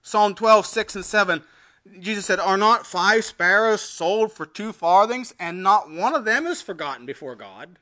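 A male pastor preaching a sermon, reading scripture aloud and swinging between emphatic rises and quiet, dropped endings. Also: high voice, animated, moderate pace. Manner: preaching with scripture readings in King James wording.

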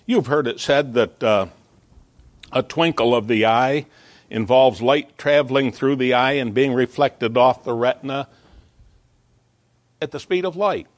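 A man's voice: mid-range voice, a little slow, long pauses, dry recording. A man preaching a sermon as pastor, earnest and building to emphatic peaks, with small stumbling asides.

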